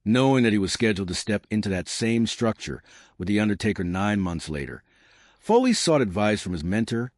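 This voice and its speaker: Low, lively male documentary narrator. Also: a little fast, no room sound, clean studio sound.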